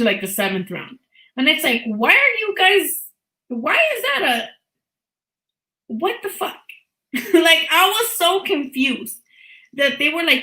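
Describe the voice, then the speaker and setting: A woman's voice: on the high side, pushed and bright, reverberant, rough recording. A woman in her thirties hosting a live boxing talk stream, chatting casually and bluntly, swearing freely and laughing often.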